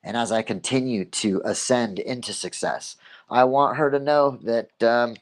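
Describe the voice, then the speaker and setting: A man's voice: medium pitch, unhurried. A man hosting his own livestream show, telling a story in a casual, rambling monologue and repeating himself as he goes. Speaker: host of a local livestream show.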